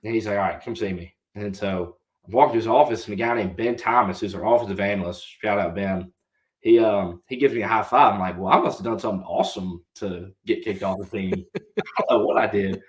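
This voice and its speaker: A man's voice: fairly low pitch, a little fast. A young man in his twenties, a podcast guest and former college quarterback, telling a long story in a casual way and answering politely with "yes, sir.". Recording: roomy echo.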